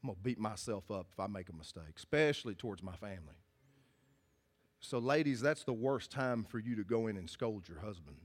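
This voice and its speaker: Earnest pastor preaching a sermon. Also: male voice, fairly low pitch, expressive, a little fast. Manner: earnest, folksy, repeats and restarts phrases. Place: church hall with congregation.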